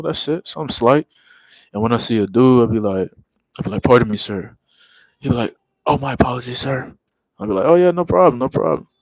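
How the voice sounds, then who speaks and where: A man's voice: mid-range voice, no room sound, poor audio. A man in his thirties chatting casually with viewers in a laid-back, slangy way, repeating phrases as he goes. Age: 30s. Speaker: livestream host.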